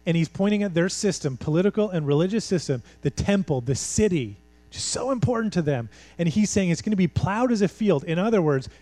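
A pastor delivers his sermon in a mellow, fairly high voice, the sound dry and close. He talks like he's chatting with his congregation, then leans hard on key words and throws out rhetorical questions. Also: lively intonation, fairly quick, dry recording, faint music behind. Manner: conversational and emphatic, with rhetorical questions.

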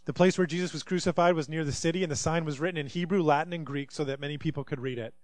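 Pastor guy giving a sermon, slightly high voice, acts out the bible quotes, dry mic. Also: racing, dry recording. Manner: reads scripture aloud and voices quoted speakers dramatically.

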